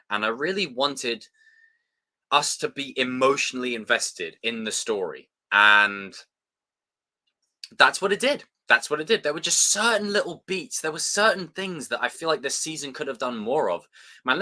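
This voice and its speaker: A British man hosting a casual live review chat, excitable and sweary, with plenty of fillers. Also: mid-range voice, moderate pace. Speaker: show host.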